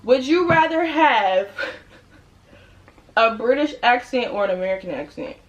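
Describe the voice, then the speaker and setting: A young woman from the Washington DC area chatting while doing her makeup, telling stories in an animated way and putting on playful voices. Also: on the high side, unhurried, highs cut off. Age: young adult. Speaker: beauty vlogger. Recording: noisy home recording.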